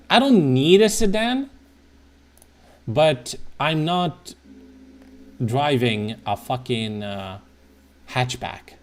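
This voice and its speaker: With lively intonation, drawn-out words and long pauses, a man of medium pitch streams himself browsing car listings. His casual live commentary is slangy and profane, with sudden exclamations.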